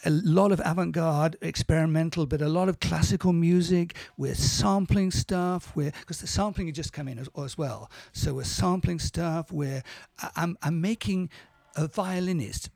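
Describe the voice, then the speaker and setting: A man talking in a casual interview, telling stories in a halting, self-correcting way and acting out the quotes. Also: on the high side, vocal fry, darkish tone, no room sound. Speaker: interview guest, musician and producer. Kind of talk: casual storytelling in conversation.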